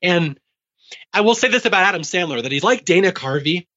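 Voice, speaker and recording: A man in his forties co-hosts a podcast, chatting casually and eagerly and laughing often. His high voice is expressive, bright and forceful, and he speaks briskly, though the recording has dull lo-fi sound.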